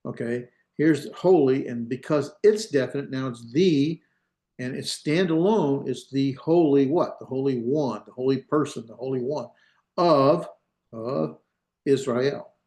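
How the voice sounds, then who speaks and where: A man's voice: medium pitch, unhurried, dark tone, roomy sound. A man teaching a Biblical Hebrew grammar class online, plain-spoken, thinking aloud with restarts and fillers. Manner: plain-spoken, jokes about himself. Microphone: computer mic in a video class.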